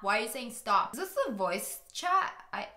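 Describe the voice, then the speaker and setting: A young woman in her twenties from the US, reading funny texts aloud with giggly, swearing, animated commentary. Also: on the high side, normal speed. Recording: roomy echo.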